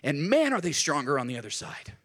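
A middle-aged man, a pastor, preaching a sermon in an animated storytelling way, rising to loud emphasis and dropping to quiet. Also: on the high side, brisk.

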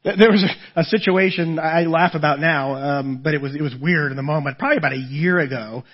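Male pastor, middle-aged, slightly husky and high-pitched, chatty sermon storyteller, stammers into sentences, muffled lo-fi audio. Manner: storytelling with lively acted-out voices; halting, repeats words when starting a thought.

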